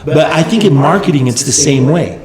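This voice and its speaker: A man's voice: fairly high pitch, fairly quick, roomy sound, a crowd in the background. A man, a company founder, telling stories as a guest in a casual interview, his voice climbing as the stories build. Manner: animated storyteller, voice rises as stories build. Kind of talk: storytelling interview chat.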